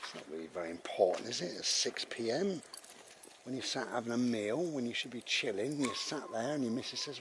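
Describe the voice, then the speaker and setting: A man's voice: medium pitch, expressive, a little fast, gravelly, fairly bright tone, a little hiss or hum. A British man rambling conversationally about mindfulness, with frequent restarts, as he walks his dog outdoors. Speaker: vlogger. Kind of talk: casual spoken reflection on mindfulness.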